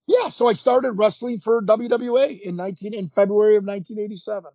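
On a dull lo-fi recording with no room sound, a former pro wrestler in his fifties tells stories as a podcast guest in a casual interview. His voice sits high and moves fast, and he's animated, acting out quotes and frequently restarting his sentences.

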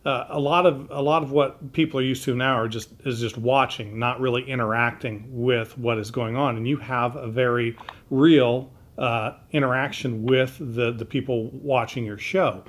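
A man interviewing performers, asking questions in a halting way with restarts. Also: medium pitch, fairly even intonation.

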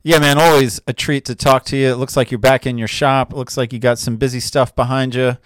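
A man's voice: mid-range voice, level tone, fairly quick, no echo. Joking man hosting a podcast, dry sound. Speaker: podcast host. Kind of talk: casual podcast chat.

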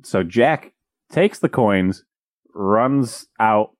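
A man casually retelling a fairy tale with jokes, rambling and slipping into quick character voices. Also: on the low side, expressive, no room sound, clean studio sound. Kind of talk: casual comedic chat.

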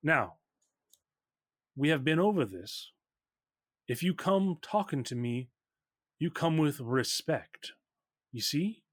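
A man's voice: on the high side, lively intonation, takes it slowly, long pauses, slightly rough, no room sound, studio quality, full character voice. A man voicing a doting but manipulative estranged mother who coos pet names and lays on guilt. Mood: scolding. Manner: syrupy, guilt-tripping, calls her honey and darling.

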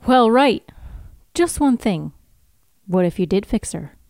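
A woman's voice: medium pitch, very animated, slow, gravelly, darkish tone, dry recording, clean studio sound, heavily acted. A woman reading a TV scene, voicing a brash, teasing Scottish male runner with a put-on Scottish accent. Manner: playful, teasing, calls people brother. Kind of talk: read-through of a TV scene.

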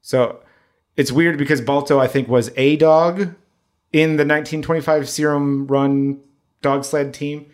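A man's voice: on the high side, steady tone, a little slow. A man co-hosting a casual chat show, rambling along with frequent fillers and restarts as he talks through upcoming movies. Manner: rambling, hesitant, with many fillers.

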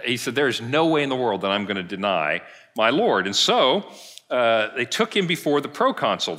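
A man's voice: mid-range voice, bright, forceful tone. A middle-aged male pastor preaching a sermon, retelling a story and acting out the quoted lines.

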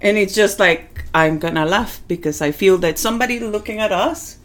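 A woman co-hosting a casual chat, telling a story with lots of swearing and acting out the shouting in it. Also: mid-range voice, moderate pace. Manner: animated, profane, acts out shouting in her stories.

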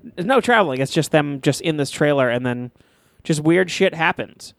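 A man co-hosting a podcast in casual chat, blunt and quick to swear and laugh. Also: fairly high pitch, animated, gravelly, a bit bright, dry recording. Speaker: podcast co-host.

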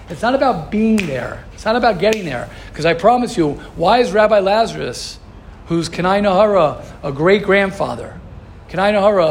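A man with a high voice gives an earnest class to his students. He coaches them by firing the same question again and again. Faint noise hums behind him. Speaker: rabbi teaching a class. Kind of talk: Torah class talk.

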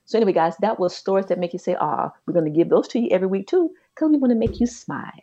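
A woman's voice: mid-range voice, rapid-fire, muffled recording. Chatty woman telling a story. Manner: animated, chatty, colloquial. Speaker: podcast co-host. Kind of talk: casual chat, storytelling.

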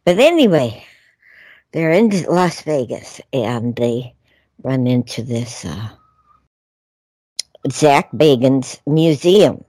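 A woman's voice: very deep voice, lively intonation, slow pace, pauses often, mellow, no echo. A woman co-hosting a radio talk show, telling a story in a meandering, chatty way with many fillers. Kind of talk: casual radio chat.

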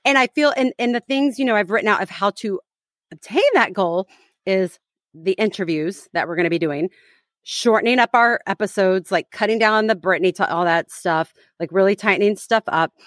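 A woman's voice: mid-range voice, moderate pace, fairly bright tone, dry recording, studio quality. A woman in her thirties co-hosting a podcast in casual chat, teasing and rambling with lots of fillers and restarts. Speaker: podcast co-host.

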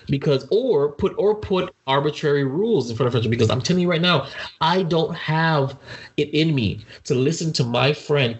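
A man talking casually as a podcast co-host, telling an animated personal story with frequent restarts. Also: on the high side. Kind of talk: casual chat.

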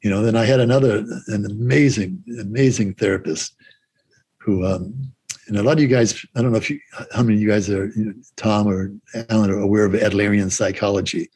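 A man telling a personal story in casual conversation, halting, with restarts and frequent swearing. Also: fairly low pitch, steady tone, darkish tone, slightly rough. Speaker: interview guest.

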